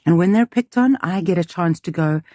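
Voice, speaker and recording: In clean studio sound with no room noise, a school leader reflects during an interview. Her voice is fairly low and a little mellow, her pace normal, and she talks earnestly and emphatically, restarting as she works through her thoughts.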